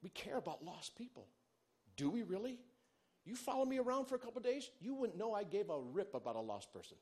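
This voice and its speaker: A male pastor preaching a sermon, animated and humorous, moving between loud bursts and quiet, low asides. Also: brisk, slightly rough. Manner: animated, humorous preaching with big swings in loudness.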